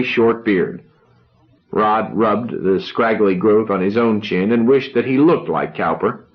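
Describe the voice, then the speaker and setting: A man with a mid-range voice reads a novel aloud as an audiobook narrator, delivering the scripted text in a measured, even storytelling style. The recording is dull and lo-fi.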